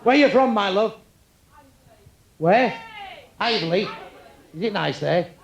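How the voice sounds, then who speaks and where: A man's voice: high-pitched, expressive, slow, vocal fry, dull audio. An older man doing crude stand-up, teasing audience members with insults and one-liners. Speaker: stand-up comedian. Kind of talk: stand-up crowd work. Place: comedy club stage. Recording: noisy live club recording. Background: audience laughter.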